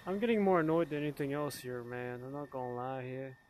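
A man's voice: medium pitch, steady tone, a little fast, a little mellow. A tipsy man giving casual commentary while playing a VR game, swearing a lot with frustrated outbursts and mumbled asides. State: tipsy from drinking. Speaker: VR gamer.

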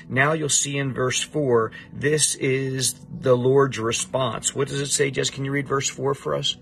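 A man's voice: mid-range voice, fairly even intonation, unhurried, gravelly, hardly any pauses, a bit bright, faint music behind. A middle-aged man teaching a Bible passage to a student, emphatic and repeating his points.

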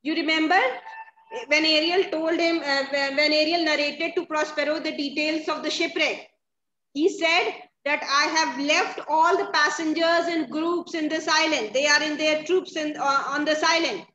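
A woman's voice: sits high, steady tone, moderate pace, pushed and bright. A woman teaching a literature lesson, paraphrasing each line of a play and often checking in with her listeners. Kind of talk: classroom lesson explaining a play. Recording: echoey, slightly dull, faint background noise.

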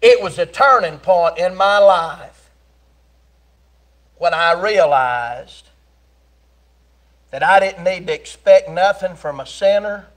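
A man preaching a sermon in a church, telling the story in a folksy, animated way with big swings from loud to hushed. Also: high-pitched, takes it slowly, pauses often. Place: church sanctuary.

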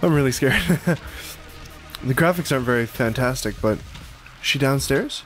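Guy doing let's play commentary at home, jumpy and excitable, cusses when spooked, faint music in the back. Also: mid-range voice, normal speed. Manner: jumpy, excitable, swears and laughs when startled. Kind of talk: casual gameplay commentary. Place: room at home.

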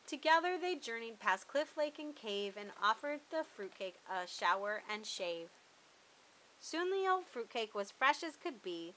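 A woman reads a rhyming children's book aloud in a bouncy, sing-song way. Her voice is bright and fairly high. It carries the rhymes along. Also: sing-song, a little slow, rough recording. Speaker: storybook reader.

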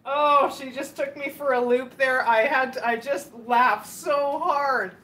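A woman's voice: high voice, measured pace, sharp tone. A woman hosting a casual live stream, chatting and giggling as she answers viewer comments. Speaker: livestream host.

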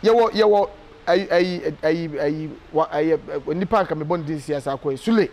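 A Ghanaian man giving an animated, emphatic casual interview, full of hesitation fillers. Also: fairly high pitch, moderate pace. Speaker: interview guest.

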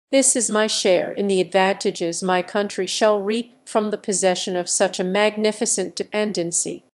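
A woman's voice: mid-range voice, darkish tone, lightly acted. A woman reading the lines of an odd, curious old male doctor in an audiobook, speaking in a matter-of-fact, imperturbable way.

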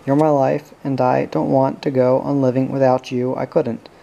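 A man's voice: mid-range voice, flat delivery, normal speed, gravelly, mellow, dull audio, natural voice. Francie, a pleading young woman, read by a man. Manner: pleading, emotional. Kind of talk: audiobook character reading.

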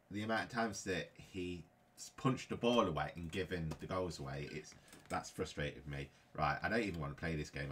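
A man's voice: very deep voice, fairly bright tone, a little hiss or hum. A man playing a football game and commenting casually, often frustrated and grumbling. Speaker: gaming YouTuber.

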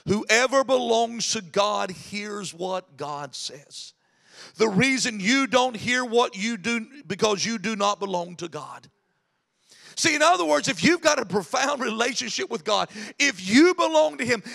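A man preaching a sermon in a very high, bright and forceful voice. He drives his points home with sudden loud bursts, then drops into chatty, self-mocking stories from his own life. A heavy gravelly fry runs through his speech. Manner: impassioned preaching that swings between loud emphasis and quiet asides. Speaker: pastor.

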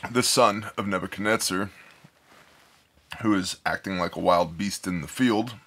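A Bible study teacher with a low-pitched, somewhat bright voice reads scripture at a measured pace. He breaks off to explain it casually and digressively, thinking aloud as he goes.

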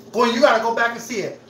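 A man hosting a casual livestream from his home kitchen, tasting his own cooking with excited exclamations and long drawn-out mm's. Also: very high-pitched, echoey room, slight background noise. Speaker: home cook livestream host.

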